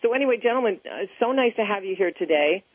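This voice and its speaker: A woman hosting a talk show, reading a scripted introduction and then chatting warmly with her guests. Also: medium pitch, expressive, fast, slightly rough, no room sound. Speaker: radio show host. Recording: phone-line audio.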